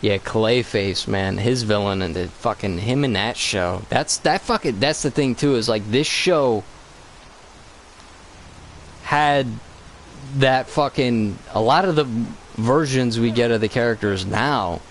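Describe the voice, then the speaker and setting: A man with an average-pitched voice rambles through casual gaming commentary, swearing freely and ranting. A faint hiss sits quietly under his voice. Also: a little slow, rough recording. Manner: profane, ranting, loose and rambling. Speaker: gaming channel co-host.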